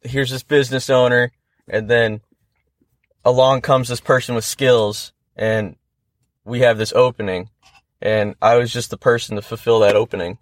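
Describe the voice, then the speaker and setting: A man's voice: mid-range voice, steady tone, moderate pace, no echo, studio quality. A young man from the Midwest, a skateboarder and guest, telling stories in a laid-back, rambling way and swearing freely. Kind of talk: casual podcast storytelling.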